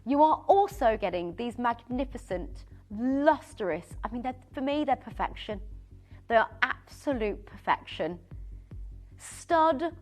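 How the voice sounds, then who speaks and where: Woman, shopping-channel host, lively rising and falling pitch, excitable and gushing, faint music behind. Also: unhurried. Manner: gushing, excitable, chatty with many restarts. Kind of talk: live TV sales pitch.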